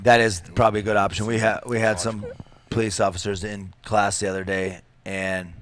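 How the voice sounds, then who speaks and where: A middle-aged man from Minnesota, a jiu-jitsu coach, telling a story in casual talk, animated and swearing freely. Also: lowish voice, fairly quick, a little hiss or hum.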